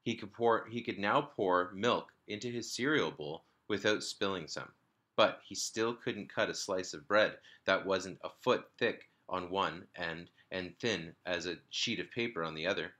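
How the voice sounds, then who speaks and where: A man, a teacher, reading a children's book aloud to his class in a lively storytelling manner. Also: low-pitched. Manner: lively storytelling, small slips and restarts.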